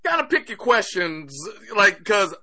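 A man's voice: sits high, sing-song, measured pace, pushed and bright. A man hosting a podcast, asking an actor questions in a curious, casual way with long run-ups. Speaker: podcast host.

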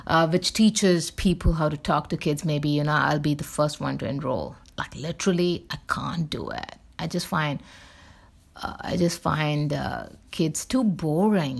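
A woman's voice: fairly low pitch, a bit bright. A woman hosting a casual solo talk show, rambling and candid with lots of fillers and restarts. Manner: candid, chatty. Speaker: show host.

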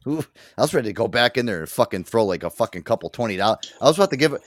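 A man hosting a talk show, telling a story in a loose, profane, animated way. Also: medium pitch, fast, no echo, clean studio sound. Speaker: radio show host. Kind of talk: casual chat.

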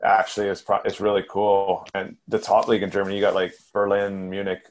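A man's voice: deep voice, monotone, fairly quick, slight background noise. A man, a hockey player guest on a podcast, chatting casually and rambling, often trailing off and restarting his sentences. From Canada.

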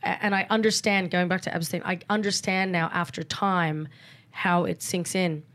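A woman's voice: lowish voice, fairly even intonation, normal speed, fairly bright tone. A middle-aged woman, a podcast guest talking candidly and acting out quoted exchanges in a casual interview.

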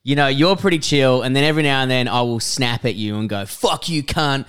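A young man co-hosting a casual podcast, telling animated, sweary stories. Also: medium pitch, fast, clear, resonant tone. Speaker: podcast co-host. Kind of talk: casual chat.

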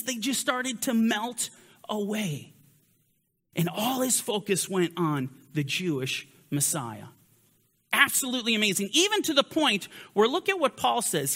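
A man teaching a Bible study in sermon style, reading scripture slowly and deliberately and pressing his points with emphatic rises and drops. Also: sits high, bright, forceful tone, in a large hall. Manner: rises and falls sharply for emphasis.

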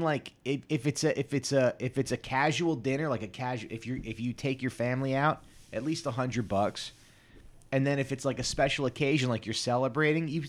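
A man in his thirties hosting a solo podcast, rambling crudely and self-deprecatingly with many halting restarts. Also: medium pitch. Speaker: podcast host.

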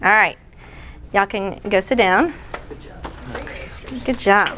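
A woman leading an interactive workshop session indoors, chatty and directing volunteers with quick asides. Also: mid-range voice, background noise. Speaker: workshop speaker. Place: indoor room.

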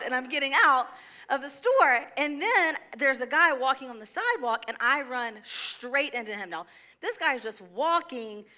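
A woman in her forties with a high, bright voice tells a story to a listener. She gets lively and laughs, now and then acting out her own shouting. The delivery is animated and conversational. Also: moderate pace.

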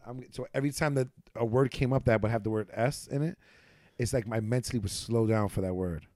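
A man's voice: mid-range voice, quick pace, a little mellow, no echo, clean studio sound. A young man hosting a podcast, bantering casually and calling his guest "bro". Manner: loose slangy banter, lots of "bro" and "yo". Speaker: podcast host. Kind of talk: casual chat.

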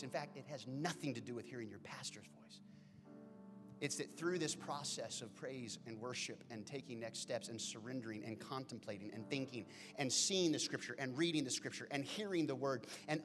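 A pastor delivering a sermon, swinging from hushed whispers to loud exclamations. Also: male voice, medium pitch. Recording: long hall reverb with faint music.

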